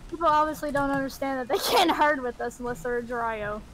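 A woman's voice: high voice, fairly quick, rough recording. A woman playing along in an online game, making short, blunt remarks. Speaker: fellow player. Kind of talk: casual game chat.

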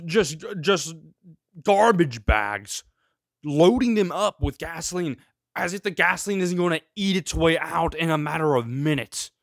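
A man with a somewhat high voice rants through his own commentary show, heavy on sarcasm and rhetorical questions. The sound is dry and close, with no room around it. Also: a bit bright, no room sound. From of Greek heritage. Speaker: show host. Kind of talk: ranting solo commentary.

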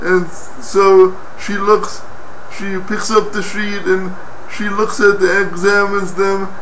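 A man hosting a joke of the day, telling the joke in a halting way with many fillers and restarts. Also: high-pitched, level tone, fairly bright tone. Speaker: joke teller, host. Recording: roomy, distant mic, faint hiss.

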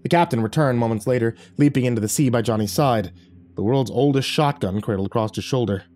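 A man giving scripted narration of a horror story with measured, dramatic storytelling. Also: medium pitch, darkish tone.

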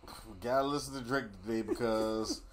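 A man's voice: mid-range voice, steady tone, moderate pace. A man co-hosting a music reaction video, talking casually in a dry, teasing, skeptical way.

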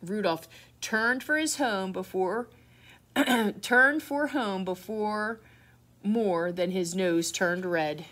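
A middle-aged woman, a teacher reading a picture book aloud to children, expressive and full of surprise. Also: mid-range voice, takes it slowly. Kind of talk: children's read-aloud storytime.

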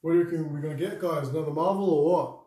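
Australian man, young, co-host, joking, swearing, slightly high voice. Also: very fast, dark tone, reverberant. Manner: wisecracking, swears. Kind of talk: casual banter.

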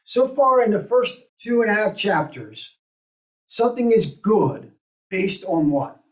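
Very animated yet unhurried, a medium-pitched woman runs an adult Sunday school lesson, questioning the class and thinking aloud. The church classroom recording comes across roomy, distant and dull.

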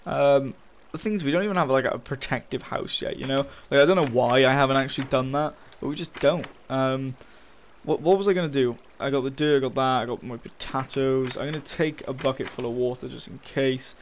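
A man's voice: medium pitch, brisk, a little hiss or hum. A young man giving casual, swear-heavy commentary as he plays a Minecraft map and rants about his losses. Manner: casual, swearing, frustrated ranting. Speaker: gaming YouTuber. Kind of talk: Minecraft let's play commentary.

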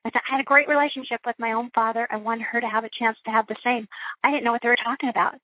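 A woman's voice: a little high, steady tone, rapid-fire, dull audio. A woman being interviewed, recounting a personal ordeal in an earnest, flowing way with frequent restarts. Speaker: interview guest.

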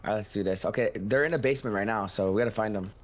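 A young man rattles off jokes and slang while gaming with friends. He talks quickly and sounds hyped up. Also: fairly low pitch. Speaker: gaming guest. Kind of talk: casual gaming chat.

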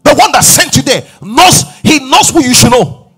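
A middle-aged man preaching a sermon as pastor, emphatic and rising to shouts. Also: extremely high pitch, sing-song, normal speed, slightly rough.

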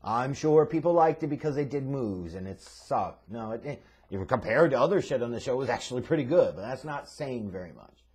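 A man's voice: medium pitch, lively intonation, a little fast, darkish tone, slightly rough. A man reviewing a wrestling show in a profane, sarcastic, exasperated rant. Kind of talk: ranting video review.

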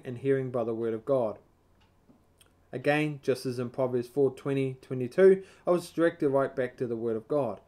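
In a Bible study, a man with a mid-range, darkish voice reads a devotional book aloud at a measured pace, sometimes stumbling and then correcting himself.

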